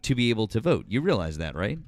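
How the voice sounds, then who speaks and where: A man hosting a political live stream and talking with callers, halting and full of restarts. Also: lowish voice, very animated, a little mellow, no echo. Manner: halting, many restarts and fillers.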